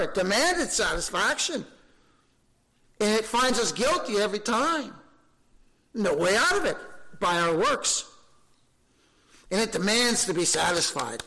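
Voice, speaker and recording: A fervent preacher delivering a sermon to his congregation. His voice sits high for a man, and he leans on rhetorical questions and emphatic repetition. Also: pushed and bright. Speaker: pastor.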